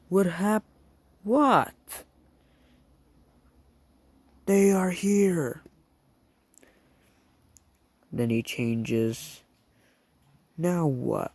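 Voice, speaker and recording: A man's voice: medium pitch, gravelly, dark tone, no room sound. A man casually recapping a show scene by scene, rambling and chatty, adding his own sound effects. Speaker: show reviewer.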